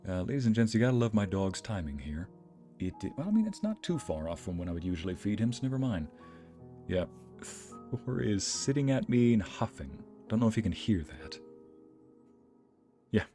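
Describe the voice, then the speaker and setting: Low-voiced man chatting on a livestream. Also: big pitch swings, moderate pace, mellow, faint music behind. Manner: friendly, greets chat by name, playful exclamations. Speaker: streamer and narrator. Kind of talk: casual livestream chat. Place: home streaming setup.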